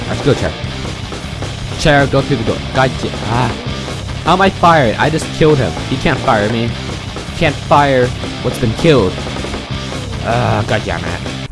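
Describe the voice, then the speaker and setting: A young man giving excitable gaming commentary, yelling and swearing a lot as he plays. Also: mid-range voice. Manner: excitable, yells and swears often. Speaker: gaming YouTuber. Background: music.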